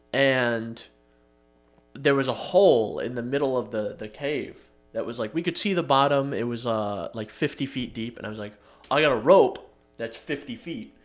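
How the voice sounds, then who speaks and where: A man's voice: mid-range voice, moderate pace, soft background music. A man co-hosting a podcast, telling stories in loose casual chat, laughing and acting out quotes. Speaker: podcast co-host.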